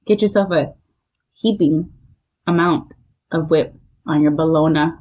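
A woman's voice: sits low, unhurried, darkish tone, breathy edge. A woman co-hosting a casual podcast, joking and playful, drawling out her asides. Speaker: podcast co-host. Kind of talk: casual chat.

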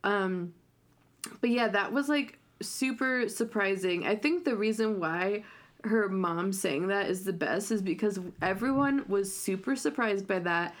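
A woman's voice: mid-range voice, a little slow. A woman in casual podcast chat, talking with lots of fillers and laughing often. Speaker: podcast co-host. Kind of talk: casual chat recapping a reality show.

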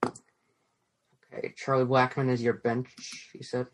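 A man's voice: mid-range voice, completely flat delivery, takes it slowly. A male co-host makes fantasy baseball picks in a loose, casual conversation. He talks freely and keeps pressing his partner with questions about their rankings. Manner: chatty, quizzes his co-host. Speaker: podcast co-host.

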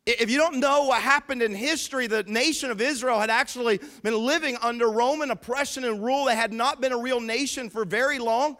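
A pastor preaching a sermon, emphatic, asking the listeners questions and swinging between hushed and loud. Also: male voice, very high voice, brisk, hardly any pauses.

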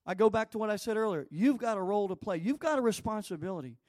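A male pastor preaching a sermon in a church, telling the story with animated, emphatic repetitions. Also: high voice, quick pace, dry recording, clean studio sound.

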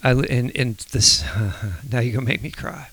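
A man co-hosting a faith podcast, speaking in a soft, reflective, halting way. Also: mid-range voice, fairly even intonation, creaky, dry recording. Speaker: podcast co-host.

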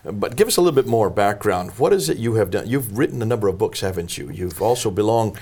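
A man's voice: on the low side, animated, quick pace, darkish tone. A man hosting an interview, prompting his guest with questions. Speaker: show host. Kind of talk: conversational interview.

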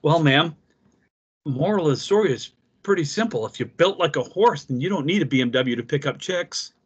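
A man voicing a cheeky little schoolboy delivering a joke's punchline, in his own husky voice. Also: a little high, lively intonation, fairly quick, lo-fi sound. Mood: smug. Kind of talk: joke telling.

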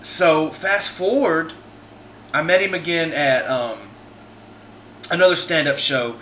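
A man chats on his podcast and tells a heartfelt story in an easy, rambling way. His voice is very bright and a little high. He sounds earnest and often stops to restart a sentence. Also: takes it slowly, a little hiss or hum. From Southern United States. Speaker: podcast host.

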